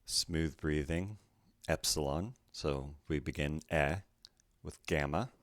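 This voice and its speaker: A male Greek language teacher with an extremely low, slightly bright voice gives a slow, letter-by-letter pronunciation lesson. He is unhurried, careful, and methodical, spelling out each letter, in a dry close recording with no room sound.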